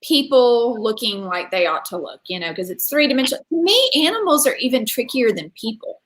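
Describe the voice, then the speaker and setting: A woman chats as a guest on a casual talk show. Her voice is high and swoops up and down with lively expression. She stresses her points with emphasis. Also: fairly quick. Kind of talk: casual chat.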